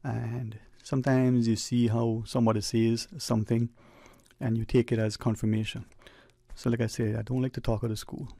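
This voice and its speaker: Male radio host, mellow gravelly voice, musing monologue with a preachy edge. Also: medium pitch, level tone, no room sound, studio quality. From Cayman Islands. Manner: conversational, preachy, speeds up and slows down for emphasis. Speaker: radio talk show host. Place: radio studio. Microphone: studio microphone.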